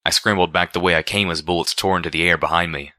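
A man narrating a first-person story with a steady, expressive reading. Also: low-pitched, fast, no room sound, clean studio sound. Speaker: audiobook narrator.

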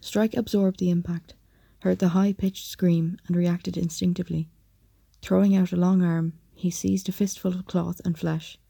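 A woman narrating an audiobook in a measured, steady reading voice. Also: lowish voice, creaky, breathy edge.

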